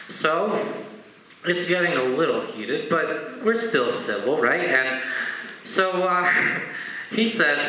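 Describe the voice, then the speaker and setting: A man's voice: a little high, lively intonation, slow pace, pauses often, sharp tone. A man doing stand-up storytelling in a conversational, wry way, with side remarks along the way. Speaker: comedian. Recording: very echoey room.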